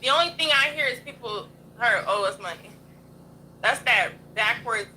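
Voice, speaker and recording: High, bright-voiced woman ranting bluntly. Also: expressive, moderate pace, a little hiss or hum, poor audio. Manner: blunt, profane, combative. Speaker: livestream host. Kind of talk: heated livestream rant.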